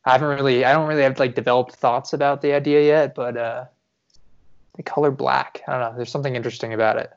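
A man's voice: medium pitch, steady tone, fast talker. Easygoing male podcast host. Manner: loose, searching questions with fillers. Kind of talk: casual interview. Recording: dull, muffled sound.

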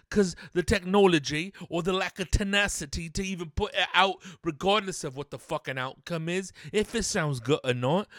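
A man's voice: sits high, fairly bright tone, dry recording, studio quality, voice pushed up. A man doing a fake British accent, ranting. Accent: put-on British. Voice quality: slangy, swears a lot, broken grammar. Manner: angry, rambling rant. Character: man in a mock British persona, irritable and ranting. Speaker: podcast host. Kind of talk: solo podcast monologue.

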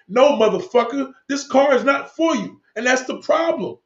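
Heated and full of swearing, a man rambles from point to point in a profane rant to his stream viewers. His voice is extremely high-pitched and expressive, at a moderate pace with few pauses. The sound is dull and lo-fi, in an echoey room.

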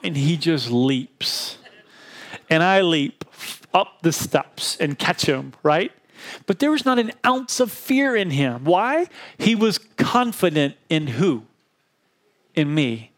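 Animated man preaching a sermon. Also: unhurried. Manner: animated storytelling, acts out quotes in a higher voice. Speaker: pastor.

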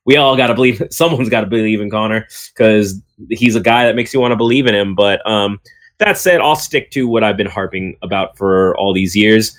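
A man co-hosting a sports podcast rambles through his pick with dry jokes in casual sports chat. His voice is on the low side and a little fast.

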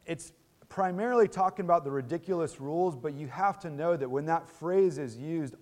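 A man's voice: mid-range voice, darkish tone. A middle-aged man preaching a sermon in a conversational teaching manner, often restarting phrases and checking in with tag questions. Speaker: pastor.

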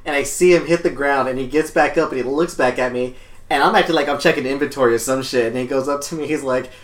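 A man's voice: medium pitch, quick pace. A young man in casual chat, telling a laid-back anecdote with lots of "like" and "uh". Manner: relaxed storyteller, fillers like "like" and "uh". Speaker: podcast co-host.

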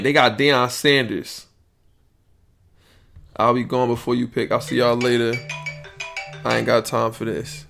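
A man's voice: medium pitch, creaky, a bit bright. A young man, hosting a podcast in loose, rambling, profane chat. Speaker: podcast host.

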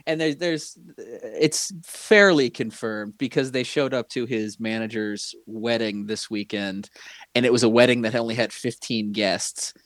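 A man's voice: medium pitch, measured pace, no echo. A man co-hosting a casual chat show, talking in long rambling stretches full of restarts and fillers. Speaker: podcast co-host.

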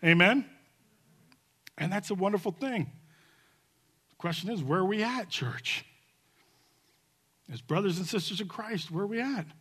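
A man preaching a church sermon in a fairly high voice. He pleads softly, then rises into loud, fervent calls. He leads an altar call and prayer. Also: lively intonation, measured pace, pauses often, breathy edge. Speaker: pastor. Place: church service.

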